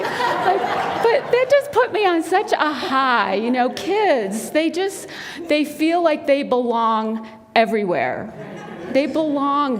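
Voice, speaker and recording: A woman's voice: mid-range voice, a little mellow. A woman minister giving a sermon, telling a personal story and acting out the voices of the people in it. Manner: storytelling, acts out quoted voices. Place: spiritual center sanctuary. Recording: long hall reverb.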